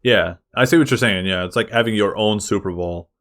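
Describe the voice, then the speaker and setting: A man co-hosting a sports podcast in casual chat, excitable and full of fillers. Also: lowish voice, brisk. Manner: excitable, uses lots of fillers. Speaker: podcast co-host.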